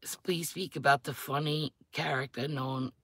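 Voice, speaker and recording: A woman, rambling excitedly and swearing freely in a casual chat to camera, her voice a little hoarse. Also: low-pitched, normal speed, no room sound. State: hoarse throat. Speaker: vlogger.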